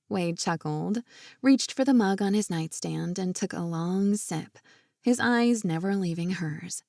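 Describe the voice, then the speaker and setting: A woman reading a romance audiobook in a soft, intimate way, close to the mic. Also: medium pitch, normal speed, gravelly, dry recording. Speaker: audiobook narrator. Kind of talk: scripted narration.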